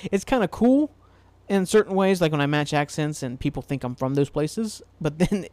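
A man's voice: a little high, darkish tone, no room sound. Rambling, cussing podcast guy from Ohio. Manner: rambling, swears freely, laughs at himself. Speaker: podcast host. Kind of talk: casual solo podcast rambling.

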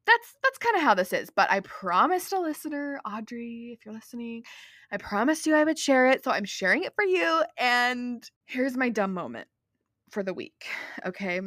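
A woman's voice: fairly high pitch, big pitch swings, moderate pace, fairly bright tone, dry recording, studio quality. A young woman from Utah hosting a podcast, chatting in a bubbly storytelling way. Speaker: podcast host. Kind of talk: casual solo podcast chat.

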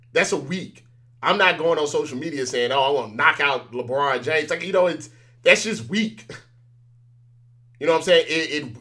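A man's voice: a little high, fairly bright tone. A man as an interview guest, chatting casually and telling stories animatedly, acting out the exchanges he quotes.

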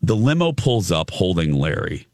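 Man, low voice, telling a story, lots of restarts, dry close sound. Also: moderate pace, dry recording. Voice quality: lively storyteller with many restarts. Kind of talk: casual anecdote.

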